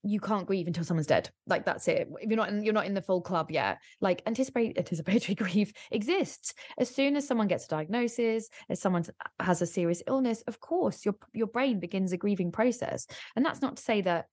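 A woman speaking in a podcast interview, lively and quick to laugh, acting out what other people say. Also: medium pitch, dry recording. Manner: animated, laughing, acts out quoted people. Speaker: podcast guest and author.

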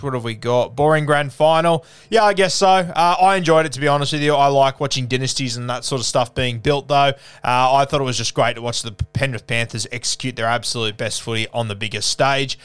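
Young Australian man, casual live-stream host, smooth clear voice, chatty, laid-back. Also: medium pitch, a little fast, few pauses, a bit bright. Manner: laid-back, chatty, calls everyone mate. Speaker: podcast host.

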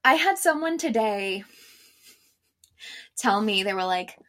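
A woman telling workplace stories in an animated, projecting theater voice, slipping into quick impressions of the customers she deals with. Her pitch sits in the middle and moves a lot as she talks. The tone is casual and conversational. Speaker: podcast co-host. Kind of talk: casual chat.

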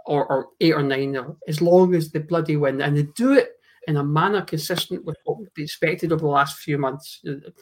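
A man, co-hosting a football podcast, emphatic and swearing in fast bursts. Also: fairly high pitch, a little hiss or hum. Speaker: podcast co-host. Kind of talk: casual football chat.

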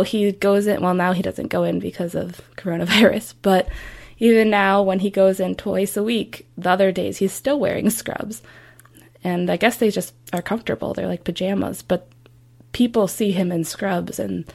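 Young woman chatting about her grandpa, casual, lots of likes and fillers, mid pitch. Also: vocal fry. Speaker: interviewee, grandchild. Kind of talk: personal recollection.

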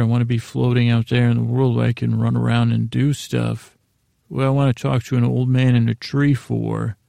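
A man with a heavily gravelly voice talks through a TV episode, loosely paraphrasing each scene with plenty of "uh"s. His delivery is flat and dark-toned. The sound is dry and close, like a podcast mic. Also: mid-range voice, normal speed, no echo. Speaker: podcast host recapping an episode. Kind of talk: casual episode recap.

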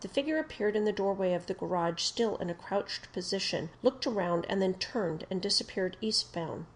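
A woman reading an official police report aloud in a steady, formal narration. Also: medium pitch, normal speed. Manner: steady, formal delivery that gets louder on quoted shouts.

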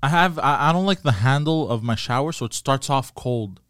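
A man's voice: medium pitch, expressive, fairly quick, a bit bright, clean tone, no echo, clean studio sound. A man co-hosting a comedy podcast, laid-back in casual chat and often just agreeing. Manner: laid-back, lots of short agreeing replies. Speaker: podcast co-host.

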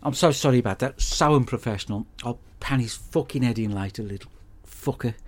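Sweary deadpan bloke. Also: male voice, mid-range voice, brisk. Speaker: podcast host. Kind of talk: comic monologue with film recap.

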